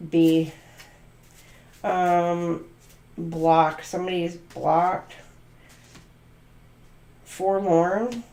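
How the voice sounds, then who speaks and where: A woman's voice: fairly low pitch, gravelly, mellow, reverberant. A woman doing a channeled tarot reading, musing aloud and free-associating letters, numbers and words. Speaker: tarot reader.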